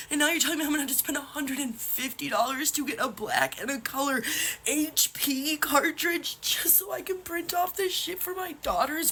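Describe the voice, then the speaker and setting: A crying woman pours out a furious, swear-filled rant into her phone. Her voice sits very high and keeps breaking. Faint background hiss runs under it. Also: fairly bright tone. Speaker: social media poster. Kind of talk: ranting selfie video.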